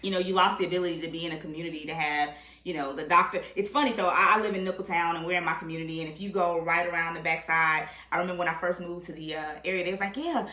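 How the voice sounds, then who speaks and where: A woman with a lowish voice talks as a guest in an easygoing conversation. She talks in an animated way, acting out what others said and often asking "right?". The sound carries a roomy echo. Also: racing. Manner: animated, acts out quotes, says "right?" often. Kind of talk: casual conversation.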